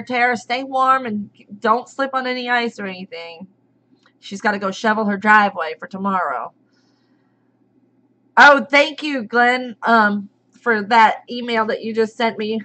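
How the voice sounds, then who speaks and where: A woman's voice: fairly high pitch, bright, forceful tone. A woman hosting a casual live stream, chatting and reading out viewers' names as they come in. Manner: chatty, greets viewers by name.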